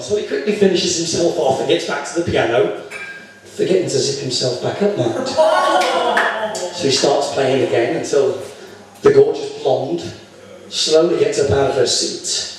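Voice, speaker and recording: A man doing stand-up, telling a crude joke in a lively storytelling manner. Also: medium pitch, moderate pace, a crowd in the background. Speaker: stand-up comedian. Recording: echoey room, mic from far off.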